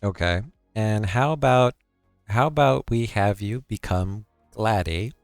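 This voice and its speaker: A man's voice: on the low side, expressive, a little slow, no room sound, clean studio sound, soft background music. A male host running a casual interview, prompting his guest in an encouraging way.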